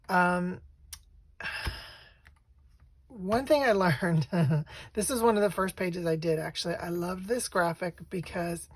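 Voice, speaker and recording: Soft-spoken woman with a dry, close sound. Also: mid-range voice, no echo. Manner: soft-spoken and reflective, with frequent ums. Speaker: crafting vlogger. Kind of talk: casual crafting walkthrough.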